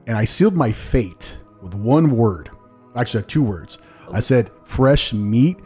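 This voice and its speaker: A man's voice: medium pitch, animated, a little slow, mellow, slightly rough, faint music behind. A man hosting a casual podcast interview, telling loose stories and acting out the quotes in them. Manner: loose, storytelling, acts out quotes. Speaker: podcast host.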